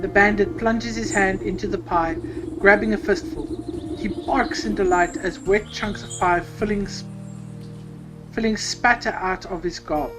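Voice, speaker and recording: A woman's voice: medium pitch, fairly even intonation, a little slow, music in the background. A woman streamer reading game text aloud in a playful way, with amused asides. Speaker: gameplay streamer. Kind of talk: reading game dialogue aloud while playing.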